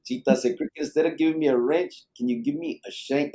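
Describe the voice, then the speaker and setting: A man's voice: on the high side, very animated, a little fast, gravelly, dark tone. A middle-aged man hosting a live late-night podcast, reading viewer comments in a laid-back, profane, joking way. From Arizona. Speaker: podcast host.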